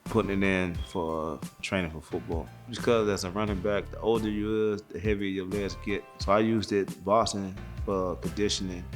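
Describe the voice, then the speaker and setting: A middle-aged man talking in a laid-back, plain-spoken way in a casual interview. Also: deep voice. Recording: faint music underneath.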